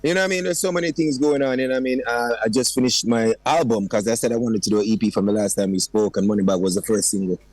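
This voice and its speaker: A man with a Jamaican accent, a dancehall artist in a radio interview, who talks in an animated way, slips into patois and keeps saying "you know what I mean". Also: mid-range voice, rapid-fire, hardly any pauses, no echo, soft background music, low-quality recording. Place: radio studio.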